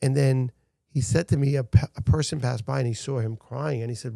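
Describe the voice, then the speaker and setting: Middle-aged male guest, gravelly, earnest storyteller, dry close sound. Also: mid-range voice, fairly even intonation, brisk, mellow, no room sound. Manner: earnest storytelling, frequent restarts. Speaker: guest, founder of a rescue organization. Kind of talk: casual interview talk.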